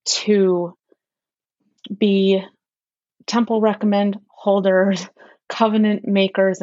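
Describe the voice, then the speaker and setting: A woman's voice: mid-range voice, a little mellow, no echo. A woman in a casual religious discussion who speaks earnestly and reads quotations aloud with feeling. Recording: dry, slightly muffled audio.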